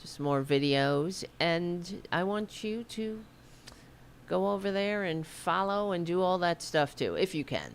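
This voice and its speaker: A woman's voice: fairly low pitch, animated, unhurried, a little hiss or hum. A middle-aged woman with a New York accent hosting a political livestream, rambling and swearing in a loose, casual way. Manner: rambling and profane, self-conscious about her hair. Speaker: political podcast host.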